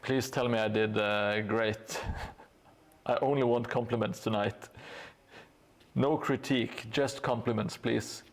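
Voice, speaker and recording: A man's voice: mid-range voice, steady tone, slow. A tired man from Norway chatting casually with viewers on a live stream while painting, joking and hesitant with many fillers.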